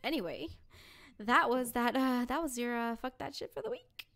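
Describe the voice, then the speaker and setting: A young woman co-hosting a podcast, telling a story in a blunt, animated, profane way. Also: a little high, normal speed. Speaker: podcast co-host. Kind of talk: casual podcast chat.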